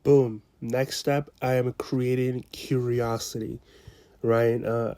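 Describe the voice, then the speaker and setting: A man's voice: little pitch movement, slow, dark tone. Man coaching door-to-door sales technique. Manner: explanatory, coaching tone, says "boom" to mark each step. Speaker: sales trainer. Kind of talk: instructional breakdown of a sales pitch.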